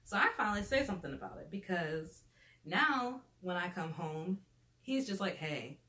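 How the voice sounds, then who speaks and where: Woman, storytime vlogger, chatty and fed up, mid pitch, roomy echo. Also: expressive, normal speed, bright, forceful tone. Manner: chatty and exasperated, leans on "like" as a filler. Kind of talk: casual storytime chat. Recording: roomy echo with faint noise.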